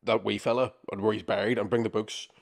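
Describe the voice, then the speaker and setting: A man chats on a podcast, spinning a sweary, animated story. He talks quickly and throws himself into the voices of the people he quotes. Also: on the low side, gravelly. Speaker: podcast co-host. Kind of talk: casual storytelling chat.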